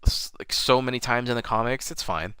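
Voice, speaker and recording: A man co-hosting a casual movie review show, talking in an animated way and swearing freely. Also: medium pitch, fairly quick, clear, resonant tone, no echo. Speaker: movie review podcast co-host.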